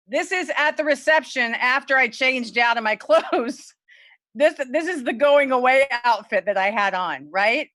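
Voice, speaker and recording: A middle-aged woman from Louisiana tells a wild true story to a virtual story slam audience, frank and unfiltered with plenty of swearing. Her tone is bright and forceful, and when she quotes herself her voice shoots way up. The sound is dry and close, as from a home video call. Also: dry recording. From Lafayette, Louisiana. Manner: animated, candid, swears freely, voice leaps high when quoting herself.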